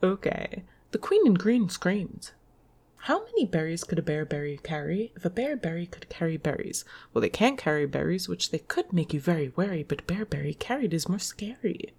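A woman's voice: on the low side, big pitch swings, normal speed, vocal fry, darkish tone, breathy edge. Giggly woman reading tongue twisters. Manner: giggly, swears at her slip-ups, stops to restart.

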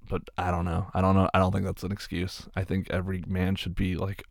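A man's voice: deep voice, monotone, brisk, vocal fry, dry recording, studio quality. A man in his twenties casually answering viewer questions, rambling, repeating words and swearing freely. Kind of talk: casual Q&A chat.

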